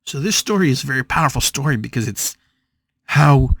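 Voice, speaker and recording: Guy hosting a spiritual podcast, dramatic storytelling, dry close sound, mid pitch. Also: expressive, brisk, creaky, no echo. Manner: dramatic, emphatic, repeats phrases for effect. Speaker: podcast host.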